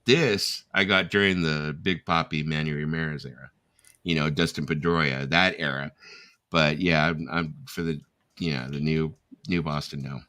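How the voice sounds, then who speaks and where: A middle-aged man hosts a relaxed live chat, his voice sitting very low yet cutting through with a bright, forceful edge. He tells animated stories and laughs at his own jokes between viewer comments. The sound is close and dry, with no room echo. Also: normal speed. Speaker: host of a live chat stream.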